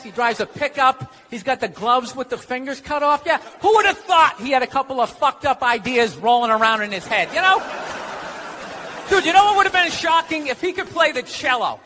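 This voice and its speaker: A man's voice: very high voice, bright, forceful tone. A man doing a sarcastic, swearing stand-up comedy set in a club. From United States. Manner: sarcastic, ranting, swears often. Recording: live club with crowd laughing and room noise.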